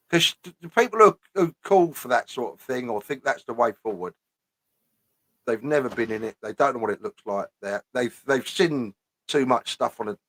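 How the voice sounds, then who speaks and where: Casting: blunt man, mid-pitched, dry close sound, casual ranting host. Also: lively intonation, normal speed, fairly bright tone, dry recording. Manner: blunt, swears often, repeats "you know what I mean".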